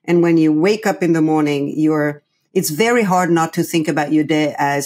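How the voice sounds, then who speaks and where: A middle-aged woman from France with a French accent, a coach talking as a podcast guest, lively and laughing often. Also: deep voice, normal speed. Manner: lively, laughs often, acts out imagined quotes. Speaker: guest, play coach and company founder. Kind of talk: conversational podcast interview. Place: New York.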